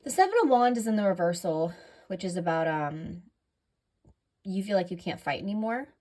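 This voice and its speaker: A woman's voice: lowish voice, lively intonation, moderate pace, mellow. Rambling woman doing tarot, breathing heavily. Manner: rambling, filler-heavy, self-correcting. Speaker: tarot reader. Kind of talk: casual tarot reading.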